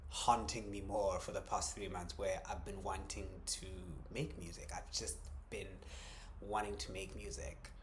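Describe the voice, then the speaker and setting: A man talking through a personal creative journal in a reflective vlog, hesitant, with many ums, restarts and soft chuckles. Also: on the low side, slight background noise. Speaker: vlogger.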